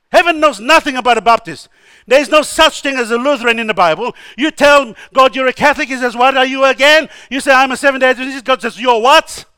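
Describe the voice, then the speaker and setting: A male preacher with a very high, bright and forceful voice, recorded close and dry with almost no room sound. He preaches emphatically and often calls out hallelujah. His delivery swings from hushed asides to loud exhortation. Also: clear, resonant tone, dry recording. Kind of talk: sermon.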